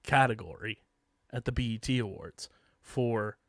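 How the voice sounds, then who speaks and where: A man co-hosting a casual sports and music podcast, reeling off facts in a steady list. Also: medium pitch, normal speed, no echo, studio quality. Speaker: podcast co-host.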